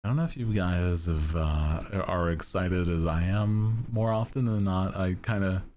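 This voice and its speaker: A young male streamer with a very deep, low voice, talking in an unhurried, laid-back monotone. He chats casually with his viewers, giggling now and then as he reads their messages. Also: a little hiss or hum. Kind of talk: casual chat with chat.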